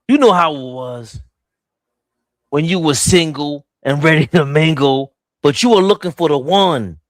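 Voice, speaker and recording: On a fan stream, a young guy gives casual live play-by-play, addressing the chat head-on. His voice sits fairly high and he doesn't rush, though it jumps up as things heat up. There's no echo on the recording.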